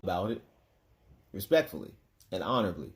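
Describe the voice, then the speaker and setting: Talking directly to his viewers, this vlogger rambles casually in a loose, digressive monologue, often restarting and chuckling between points. His voice is low, sing-song, and brisk.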